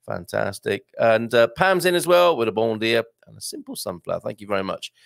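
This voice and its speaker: Chatty male host, gravelly and lively. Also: on the low side, a little fast, no echo, clean studio sound. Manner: chatty, jokey, with tag questions. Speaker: live show host. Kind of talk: casual live-stream chat reading comments.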